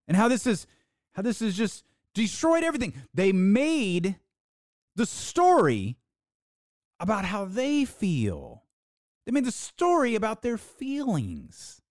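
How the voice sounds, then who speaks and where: Podcast host, sarcastic monologue, swooping animated pitch, mocking quotes, close dry mic. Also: no echo. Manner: sarcastic, with mocking put-on quotes and dramatic pauses. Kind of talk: opinionated sports talk monologue.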